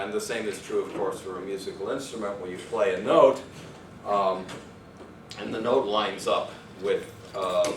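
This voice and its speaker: A man's voice: on the low side, fairly bright tone, slight background noise. A man giving an academic talk on language and rhythm, thinking aloud with fillers and small self-corrections. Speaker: lecturer. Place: lecture room. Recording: echoey room from far off.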